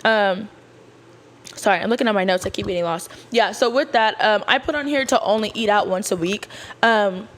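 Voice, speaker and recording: A woman's voice: medium pitch, moderate pace. Young woman, podcast host, chatty and slangy, casual delivery. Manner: chatty, slangy, talks straight to listeners. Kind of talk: casual chat.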